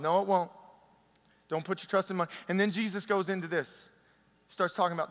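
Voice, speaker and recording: A man preaching a sermon to a church congregation, swinging from loud emphatic peaks to soft, intimate passages. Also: high-pitched, lively intonation, fairly quick, in a large hall. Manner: passionate, rising to loud peaks then dropping soft and intimate. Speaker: pastor. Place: church sanctuary.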